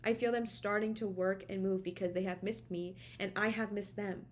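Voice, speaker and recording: A woman's voice: mid-range voice, fairly even intonation, normal speed. A woman tarot reader giving a casual channeled message to camera from her home office, encouraging and emphatic, repeating words for stress. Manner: encouraging, repetitive, emphatic, chatty. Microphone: camera mic.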